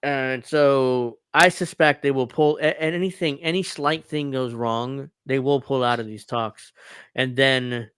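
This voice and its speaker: A man's voice: mid-range voice, steady tone, a little slow, fairly bright tone, smooth, dry recording. A man hosting a casual political commentary show, reading news articles aloud and riffing on them sarcastically. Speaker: podcast host.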